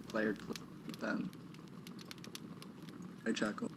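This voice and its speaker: A man reads his own novel aloud on a stream, his voice slightly gravelly and grainy. He chuckles at his own lines and stops to comment on them. A constant hiss of background noise runs behind him. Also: medium pitch, measured pace, long pauses.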